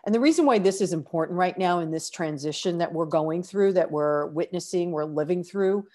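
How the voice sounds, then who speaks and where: With a lowish, slightly mellow voice, this middle-aged podcast host talks slowly and with deep feeling on her inspirational show. Her earnest delivery is interrupted by sighs and fresh starts.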